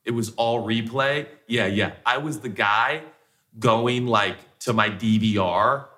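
A man's voice: medium pitch, takes it slowly, sharp tone. A male pastor preaching a conversational sermon, firing off repeated rhetorical questions.

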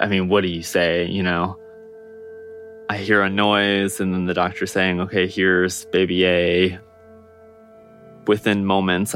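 A young man speaks very low and slow, his voice staying level as he tenderly recalls what happened. Soft music runs faintly behind him. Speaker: guest telling his story. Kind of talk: personal storytelling.

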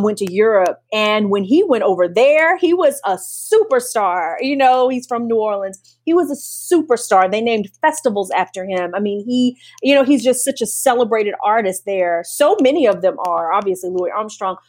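A woman novelist talking casually about her writing process, animated, laughing often and restarting sentences. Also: medium pitch, normal speed, few pauses.

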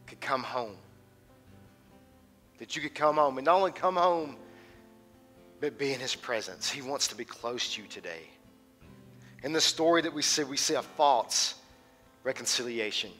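Bright-voiced man preaching a sermon. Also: medium pitch. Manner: passionate, swings from loud to hushed. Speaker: teaching pastor.

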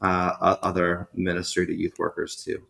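A man talks in a slightly low voice. He is a chatty podcast guest, telling stories with lots of restarts. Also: completely flat delivery, moderate pace, gravelly, sharp tone. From greater Boston area. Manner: chatty storyteller, many fillers and restarts. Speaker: youth pastor, podcast guest. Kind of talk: casual interview chat.

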